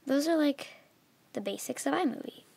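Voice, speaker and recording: A young woman explaining an app in a casual, chatty way, with many fillers and a voice that trails off softly. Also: sits high, expressive, normal speed, creaky, a little hiss or hum. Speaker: video tutorial maker. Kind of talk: casual screen tutorial.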